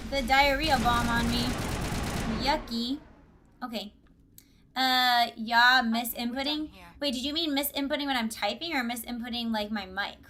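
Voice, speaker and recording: A woman's voice: fairly high pitch, moderate pace, sharp tone. A woman chatting with viewers on a casual gaming live stream, bubbly and giggly, recorded on a desk mic at home.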